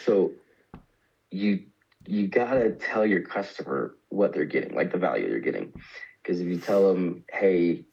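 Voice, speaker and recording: A man's voice: low-pitched, moderate pace, vocal fry, slightly rough, highs cut off. A man co-hosting a business podcast, telling a story in a casual chat and acting out the quoted lines. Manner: animated storytelling, acts out quotes. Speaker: podcast co-host.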